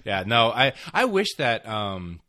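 Brief: middle-aged male podcast co-host, lowish voice, fast casual delivery, dry close mic. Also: very animated, sharp tone, dry recording. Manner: quick, laughs often, speeds through words. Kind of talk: casual chat. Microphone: close studio mic.

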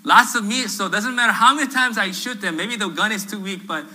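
Male pastor, fairly high, very bright and forceful tone, lively storyteller who acts out quotes with humor. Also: a little fast, rough recording. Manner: animated, acts out quoted voices, self-deprecating humor. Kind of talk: storytelling sermon. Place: church sanctuary.

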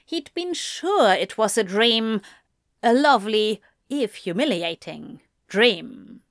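A woman reads a story aloud in a measured, even voice. Her pace is slow and unhurried. The sound is close and dry, with no room echo. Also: medium pitch, gravelly. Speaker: narrator. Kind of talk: audiobook fan fiction reading.

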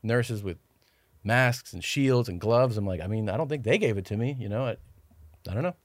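A man's voice: mid-range voice, expressive, normal speed, no echo. A man chatting as a podcast guest, telling a long story with swearing and acted-out quotes. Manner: rambling, swears, acts out quoted dialogue. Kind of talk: casual storytelling chat.

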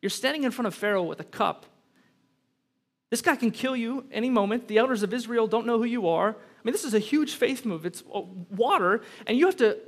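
A man's voice: very high-pitched, animated, fairly quick. A man pastor preaching a sermon, reading scripture and then making emphatic points with conversational asides to the congregation. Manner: emphatic, rising to loud peaks on key points.

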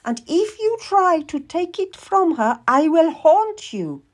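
A commanding, ailing old noblewoman in an audiobook, her voice pitched high and lilting. A woman reads her slowly and grandly, every line an order. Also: big pitch swings, heavily acted. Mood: imperious. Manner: commanding, haughty.

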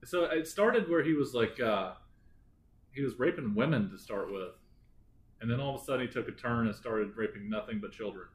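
A man's voice: mid-range voice, lively intonation, fairly quick. Man casually recapping a true-crime case. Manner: loose and profane, trailing off and restarting. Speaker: podcast co-host.

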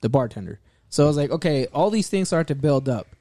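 A man's voice: fairly high pitch, fast, no echo, studio quality. A man in casual conversation reviewing a movie, swearing freely and acting out scenes as he retells them. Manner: animated, swearing, acts out scenes.

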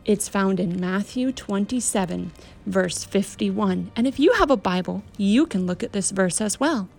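A woman teaching a Bible story to children, speaking gently and emphatically with a lot of rise and fall in her voice. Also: medium pitch, lively intonation, unhurried, creaky.

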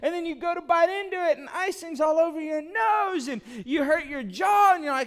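A middle-aged man preaching a sermon, telling family stories in an animated, playful way. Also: very high-pitched, normal speed, hardly any pauses. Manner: animated storytelling, acts out scenes. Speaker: pastor.

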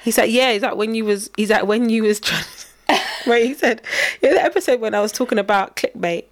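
Brief: fast, chatty young woman co-host, tells long stories. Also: on the high side. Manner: rambling storyteller, laughs often, uses London slang. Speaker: podcast co-host. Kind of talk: casual chat.

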